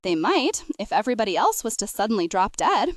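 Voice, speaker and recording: A woman's voice: medium pitch, big pitch swings, a little fast, no echo, clean studio sound, close to an everyday voice. A woman voicing a curt, sarcastic old man in his eighties in an audiobook. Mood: grumpy. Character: grumpy old man, hardware store customer.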